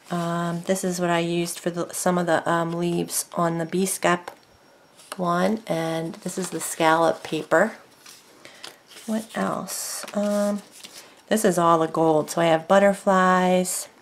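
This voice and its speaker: A woman's voice: on the low side, slight background noise. A woman casually showing and explaining her papercraft project, rambling with many fillers and self-corrections. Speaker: craft vlogger. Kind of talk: casual craft show-and-tell.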